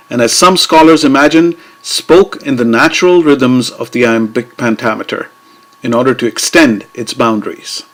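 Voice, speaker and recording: Man narrating a lesson, measured and deliberate. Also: mid-range voice, a bit bright. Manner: measured, deliberate reading with rhythmic emphasis. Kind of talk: scripted educational narration.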